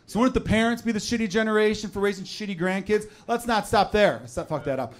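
A man doing a stand-up comedy set, riffing in sardonic, rapid rants. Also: sits high. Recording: noisy live club recording.

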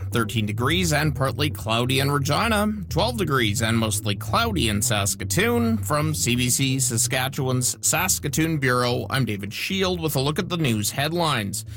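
Man, radio newsreader, steady clipped delivery, middle pitch. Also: moderate pace, few pauses. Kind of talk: news headlines and weather read.

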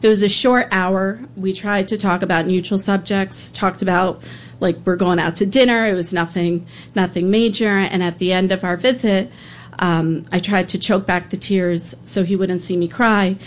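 A woman's voice: medium pitch, fairly even intonation, slight background noise. Earnest woman telling a personal story. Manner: earnest, halting, emotional retelling. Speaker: public defender.

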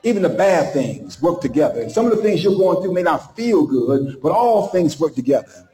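A male preacher delivering a sermon with passion, dramatic pauses and acted-out voices. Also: fairly high pitch, very animated, warm tone, reverberant.

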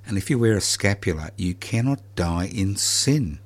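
Deep-voiced teasing older male host. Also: expressive, normal speed. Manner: teasing, wry. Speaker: radio host. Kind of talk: casual radio chat.

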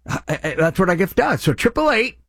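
A middle-aged man hosting a live radio charity appeal, eagerly thanking callers by name and stumbling over his words when excited. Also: sits high, brisk, dry recording, clean studio sound. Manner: excitable, names donors with loud bursts of enthusiasm; stutters and restarts when excited. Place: radio studio.

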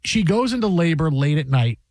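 A man in his forties hosting sports radio, telling stories with lively acted-out quotes. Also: a little high, fairly quick, no room sound. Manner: animated storyteller, acts out quotes loudly. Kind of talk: casual sports radio banter.

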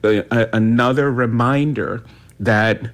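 A man giving opinionated sports commentary in a radio interview, animated and quick in bursts. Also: mid-range voice.

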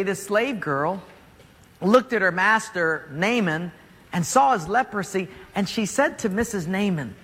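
A man preaching a storytelling sermon, animated and joking as he acts out scenes. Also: sits high. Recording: long hall reverb.

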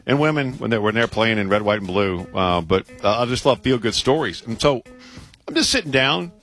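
A man co-hosts a sports radio show with wry, ribbing humor. His bright voice swings up and down with energy, and he talks into a studio microphone. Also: medium pitch, animated, fairly quick, faint music behind. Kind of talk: casual sports radio chat.

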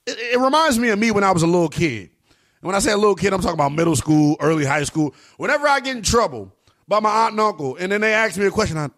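A man giving emphatic, opinionated sports commentary in a slangy, animated way. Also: high-pitched, quick pace.

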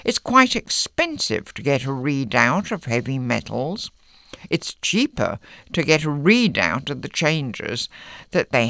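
A reader going through newspaper articles aloud in a plain, unhurried way. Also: medium pitch, gravelly, fairly bright tone, no echo, studio quality. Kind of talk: reading news articles aloud.

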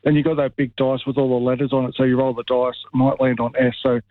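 Australian male caller, flat relaxed delivery, tinny phone line. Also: medium pitch, fast, no room sound. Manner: relaxed, explaining.

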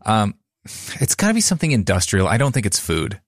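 A man's voice: lowish voice, huge pitch swings, fairly quick, dry recording, clean studio sound. A man co-hosting a casual science chat, reacting with curiosity and guessing answers. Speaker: co-host.

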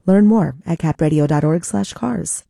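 Very dark-voiced woman station announcer. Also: lowish voice, normal speed, creaky, dry recording, studio quality. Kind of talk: scripted station promo.

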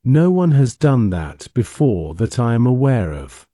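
A man's voice: medium pitch, sing-song, measured pace, dark tone, no echo. A man chatting on a talk radio show, making dry, matter-of-fact quips. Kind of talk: casual talk radio chat.

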